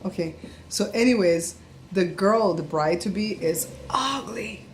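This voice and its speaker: A middle-aged woman from Belize chats away in a relaxed home vlog. She talks freely and breaks into laughter often, with a voice pitched right in the middle for a woman. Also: measured pace, slight background noise. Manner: chatty, laughs often while talking. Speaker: family vlogger. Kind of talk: casual vlog chat.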